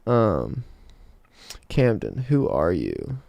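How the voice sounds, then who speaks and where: A man's voice: on the low side, wildly swooping pitch, extremely slow, gravelly, darkish tone, dry recording. A man in his twenties from South Georgia, hosting a casual livestream and chatting with viewers in a rambling way, with lots of fillers. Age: 20s. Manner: rambling, many fillers and restarts. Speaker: livestream host. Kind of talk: casual livestream chat, reading chat.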